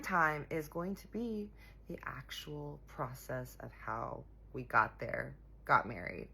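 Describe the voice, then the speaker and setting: A young woman telling a personal story in a sassy, animated way, talking straight to her viewers. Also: very deep voice, takes it slowly, vocal fry, slightly rough. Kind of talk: casual storytime.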